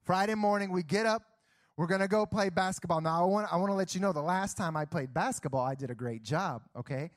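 A man preaching a lively sermon to his church, checking in with the crowd with a constant "okay?". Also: high voice, a little fast. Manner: energetic, keeps asking "okay?". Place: church stage.

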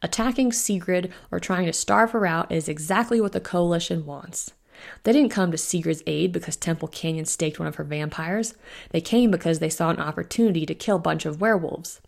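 A woman voicing a man who is a former hunter, speaking with forceful frustration. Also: lowish voice, a little fast, gravelly. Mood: urgent. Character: defiant man, former hunter, protective mate.

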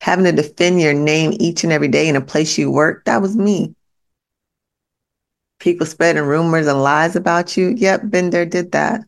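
A woman's voice: sits low, moderate pace, creaky. A woman hosting a podcast, giving a blunt, profane motivational monologue that repeats its points straight at the listener. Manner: blunt, profane, pep-talk delivery; emphatic repetition to the listener. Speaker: podcast host.

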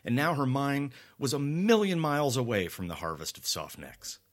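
A man narrating a scripted horror story, dramatic and deliberate, dropping to a hush at tense moments. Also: medium pitch, very animated.

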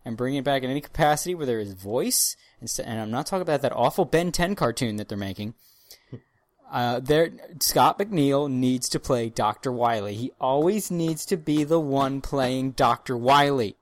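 A man co-hosting a casual podcast chat, profane and excitable, bursting into mock-dramatic rants. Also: mid-range voice, moderate pace, no echo, studio quality. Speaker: podcast co-host.

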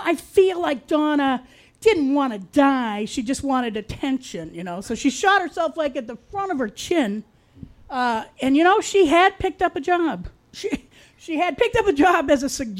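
A middle-aged woman telling a personal true story in a wry, confiding way, with dark humor. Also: sits high.

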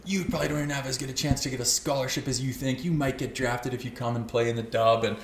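A man's voice: mid-range voice, steady tone, quick pace, reverberant, a little hiss or hum. A man, a podcast guest, telling stories in loose, profane casual chat. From Canada (Olds, Alberta). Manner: loose and profane, swears constantly. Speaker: podcast guest, former hockey player.

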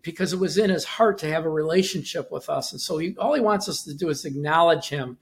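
A man's voice: a little high, fast talker. A man giving a short devotional Bible teaching, talking conversationally with frequent restarts and asides.

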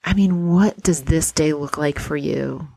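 Low-voiced woman guiding a dreamy visualization. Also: gravelly, darkish tone, breathy edge, dry recording. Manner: dreamy, unhurried, invites the listener to picture things. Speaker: host guiding a visualization exercise. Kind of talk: guided visualization talk.

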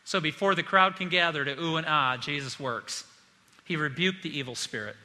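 Guy preaching a sermon, real bright tone, big hall echo, gets worked up. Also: on the high side, normal speed. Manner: impassioned, acts out quoted voices. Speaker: pastor. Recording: long hall reverb.

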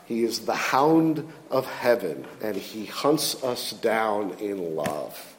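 A man preaching a sermon, expressive, acting out quoted lines with feeling. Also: fairly low pitch, takes it slowly, long reverb tail, a little hiss or hum.

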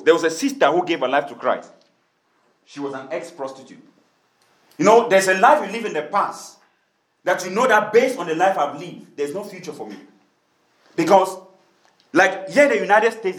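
A man preaches in a high, light voice, telling his congregation a story and slipping into the voices of its characters. His words ring out with a noticeable echo from the room around him. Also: a bit bright. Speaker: pastor. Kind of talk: sermon.

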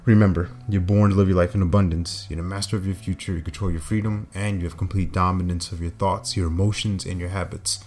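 A man hosting a short motivational podcast, telling a personal story in an energetic way with laughter and playful sound effects. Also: deep voice, fast talker, few pauses. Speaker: podcast host.

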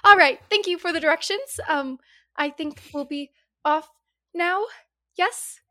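A woman's voice: very high voice, a little slow, pushed and bright, heavily acted. A woman voicing a nervous, eager young female student who stammers when flustered. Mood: dutiful.

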